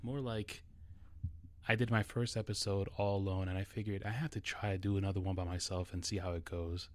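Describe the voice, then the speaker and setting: A man from New York hosts a solo podcast, talking casually with a touch of nerves and frequent restarts. His voice sits fairly low. The sound is dry and close, with no room around it. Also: steady tone, a little fast, dry recording. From New York City. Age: adult. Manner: casual and a bit nervous, with restarts. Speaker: podcast host.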